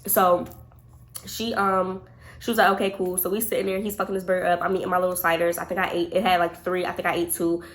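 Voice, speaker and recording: Young woman spilling a first date story to her viewers, animated, cusses a lot, very casual. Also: fairly low pitch, quick pace. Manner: animated, profane, addresses viewers as y'all. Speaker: vlogger.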